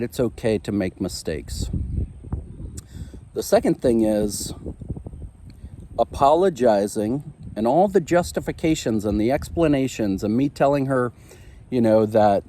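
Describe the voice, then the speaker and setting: A man's voice: mid-range voice, dark tone. A man in his thirties hosting a marriage show, telling a personal story in a candid, confessional way with frequent ums and uhs. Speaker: marriage podcast host.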